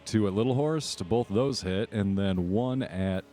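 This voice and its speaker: A man running a tabletop horror game as game master, giving quick matter-of-fact rulings. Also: lowish voice, dark tone, soft background music.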